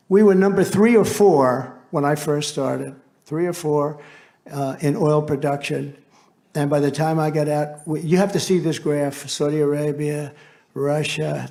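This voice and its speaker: A man's voice: fairly high pitch, darkish tone. Rambling man giving a rally speech. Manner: rambling, boastful, with asides to the crowd. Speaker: political candidate. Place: political rally.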